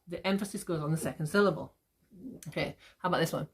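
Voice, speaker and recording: Teacher, woman, slightly low voice; casual lesson delivery, drags out words to stress the beat. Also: animated, breathy edge. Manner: slow, exaggerated stress when demonstrating rhythm; frequent checking "okay?". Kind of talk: recorded lesson to students.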